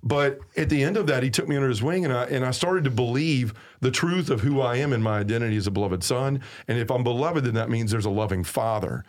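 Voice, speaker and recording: A man's voice: medium pitch, fast, few pauses. Earnest Southern man giving testimony. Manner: earnest, emphatic, repeats key phrases. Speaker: podcast guest. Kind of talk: personal faith testimony in conversation.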